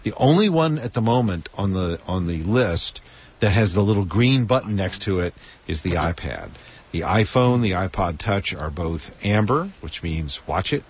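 Deep husky male radio co-host. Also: expressive, moderate pace. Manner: offhand, advising listeners. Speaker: radio tech show co-host. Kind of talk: radio tech tips.

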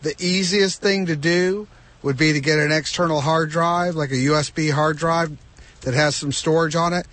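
A man's voice: a little high, fairly even intonation, moderate pace, a bit bright, no echo. A man hosting a radio tech show, explaining a fix step by step to a caller. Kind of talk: call-in advice.

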